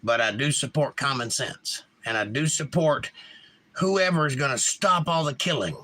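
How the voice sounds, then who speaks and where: A livestream host speaks at normal speed in an expressive, sharp-toned voice of medium pitch. Casual and opinionated, he gives frank views, reads chat messages aloud and answers back.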